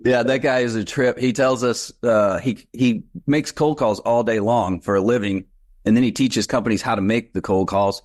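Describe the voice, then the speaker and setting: A man's voice: medium pitch, fairly even intonation, normal speed. A man co-hosting a podcast, chatting in an easygoing way and laughing often. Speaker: podcast co-host. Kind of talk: casual chat.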